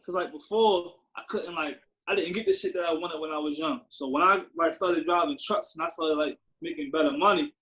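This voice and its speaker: A young man with a fairly high voice chats on a podcast, easygoing and agreeable. He works through his point in loose slang, repeating himself as he goes. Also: a little fast, few pauses, low-quality recording. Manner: relaxed, agreeable, explains with slang. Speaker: podcast co-host. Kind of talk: casual chat.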